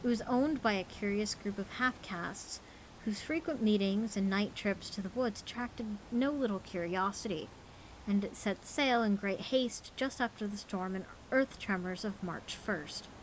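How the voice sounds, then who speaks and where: A woman's voice: medium pitch, unhurried, a little hiss or hum, lightly acted, low-quality recording. A woman voicing a news reporter, reading out a newspaper clipping in a formal newsreader manner.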